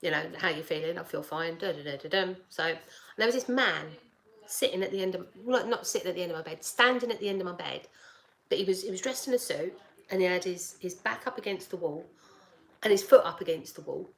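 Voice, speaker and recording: A woman's voice: fairly low pitch, quick pace. A middle-aged woman telling a personal story in casual chat, acting out what people said to her and laughing often. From United Kingdom. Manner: animated, laughs often, acts out dialogue with repeated words.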